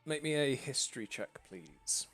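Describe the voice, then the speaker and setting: A man's voice: mid-range voice, sing-song, moderate pace, fairly bright tone, soft background music. A man narrating a tabletop game as dungeon master, in a casual, chuckling way.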